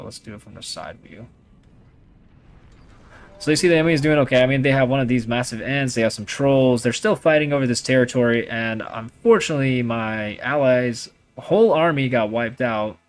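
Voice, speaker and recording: A young man giving casual, rambling commentary over his own strategy gameplay, chatty and full of fillers and restarts. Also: mid-range voice.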